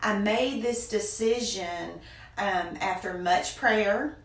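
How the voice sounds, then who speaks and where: A woman's voice: mid-range voice, slow pace. A middle-aged woman with a Southern US accent, answering interview questions graciously with frequent laughs. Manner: warm, gracious, laughs often. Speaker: guest, small business owner. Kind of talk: conversational interview. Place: room. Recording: echoey room from a distance, faint noise.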